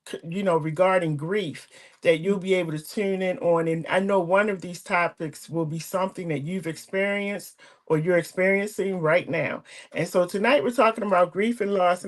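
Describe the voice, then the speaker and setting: An older woman hosting an online talk show, telling a personal story in an earnest, emotional way over a video call. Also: on the low side. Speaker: host.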